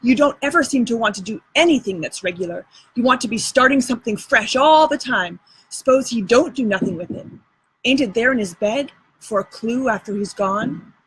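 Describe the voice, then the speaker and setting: A woman's voice: on the high side, lively intonation, normal speed, slightly rough, low-quality recording. A woman reading aloud and voicing a bossy, show-off boy adventurer in a drawling folksy dialect.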